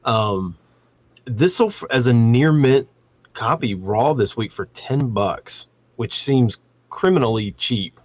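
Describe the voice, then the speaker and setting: A man on a comics live stream, calmly explaining market prices with frequent ums. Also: mid-range voice, slow pace, no room sound. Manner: relaxed, explanatory, with filler ums. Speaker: comic book market commentator. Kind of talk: casual livestream chat.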